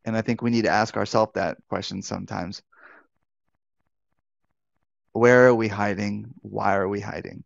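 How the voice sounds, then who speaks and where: A man's voice: fairly low pitch, steady tone, fairly quick, gravelly, no echo, lo-fi sound. A man teaching as a pastor in a live online Bible talk, speaking conversationally, restarting phrases and asking rhetorical questions. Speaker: pastor and life coach.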